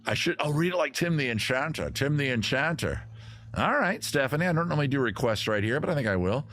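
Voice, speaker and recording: A livestream host sits outside by a fire, talking fast in a medium-pitched voice. He's animated and jokey, rambling from one thing to the next.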